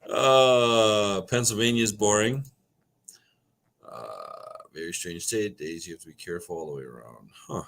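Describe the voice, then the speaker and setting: A man with a lowish, fairly bright voice speaks at a moderate pace while hosting a casual livestream. Originally from Wisconsin, he reads viewer comments aloud, jokes around, and swears casually as he reminisces.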